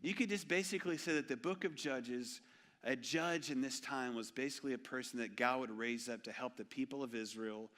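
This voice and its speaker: A man, preaching an animated, joking sermon in a church. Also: medium pitch. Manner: storytelling, animated and jokey. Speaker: pastor. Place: church sanctuary.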